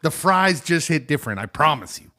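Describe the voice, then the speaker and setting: Animated man chatting with lively swings. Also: fairly high pitch, fairly quick. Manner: animated, enthusiastic, jokey. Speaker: podcast co-host. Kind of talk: casual watch-along chat.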